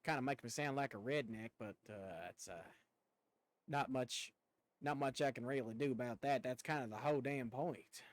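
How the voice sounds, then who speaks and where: A man's voice: medium pitch, normal speed, no echo, low-quality recording. A young man with a slight rural Southern twang, chatting casually with viewers while he plays a game, rambling and swearing now and then. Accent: rural American Southern twang. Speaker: streamer.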